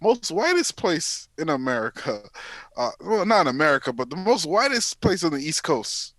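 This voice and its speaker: A man co-hosting a casual podcast, telling stories with lively acted-out quotes. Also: on the high side, moderate pace, dry recording. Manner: animated storytelling, acting out quotes. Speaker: podcast co-host. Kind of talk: casual chat.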